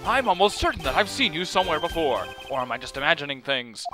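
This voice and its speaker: A fussy older judge dithers and second-guesses himself, as a man puts him on. The voice is a man's, slightly high. Game music plays clearly behind him. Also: sing-song, quick pace. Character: older male judge, bumbling and easily swayed. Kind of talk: video game voice-over.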